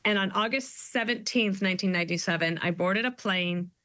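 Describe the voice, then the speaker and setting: Bright, quick-talking woman guest. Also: mid-range voice, no room sound, studio quality. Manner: quick, animated storytelling with quoted asides. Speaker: guest author. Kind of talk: interview conversation.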